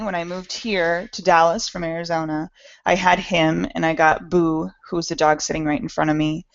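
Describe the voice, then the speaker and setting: Middle aged woman, low gravelly voice, candid talk w restarts, dull lo-fi audio. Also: fairly even intonation. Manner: candid, self-deprecating, emotional at times; halting, with restarts. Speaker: speaker at an entrepreneur meetup. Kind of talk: personal talk to an audience. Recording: dull lo-fi recording.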